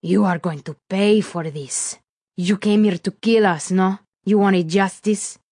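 A woman voicing a cruel, mocking male gang thug who talks slowly and low in an audiobook reading. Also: a little mellow, no room sound, clean studio sound. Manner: slow, low and contemptuous.

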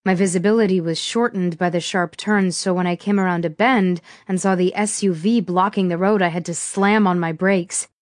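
A woman reading a first-person thriller audiobook in a steady, measured way. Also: fairly low pitch, no echo, clean studio sound. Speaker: audiobook narrator.

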